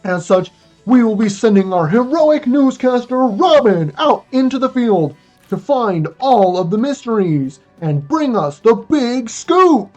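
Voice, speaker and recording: A speedrunner doing an old-timey news anchor voice, with a slow, grand, theatrical announcer delivery while commentating a game run. The anchor hosts the run like a newscast. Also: mid-range voice, sing-song, a little mellow, muffled recording, soft background music. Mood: grandiose.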